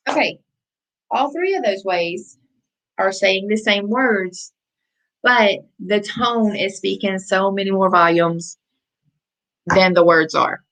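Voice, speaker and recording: A woman's voice: mid-range voice, measured pace, a bit bright, low-quality recording. A woman life coach giving a motivational talk, speaking conversationally and repeating phrases for emphasis.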